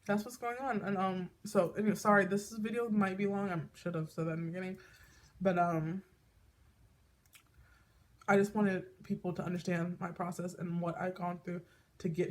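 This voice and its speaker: A woman talking candidly in a personal vlog, rambling with lots of fillers and restarts, emotional enough to tear up. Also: lowish voice. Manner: emotional, tearing up at times. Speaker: vlogger.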